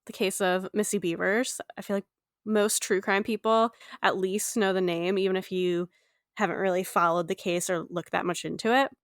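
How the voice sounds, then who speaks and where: A woman's voice: mid-range voice, steady tone, normal speed, no echo. A woman co-hosting a podcast, talking in a loose, chatty way with fillers and easy laughter. Her voice is stuffy from a cold, and the recording sounds dry and close. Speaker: podcast co-host. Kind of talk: casual chat.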